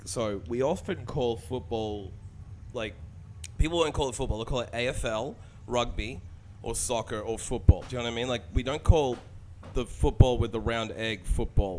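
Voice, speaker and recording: A man's voice: on the low side, a little hiss or hum. A man with an Australian accent touched by American vowels, chatting casually and rambling between tangents while he plays and streams a game, swearing freely. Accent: Australian with a slight American tint. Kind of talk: casual chat while gaming.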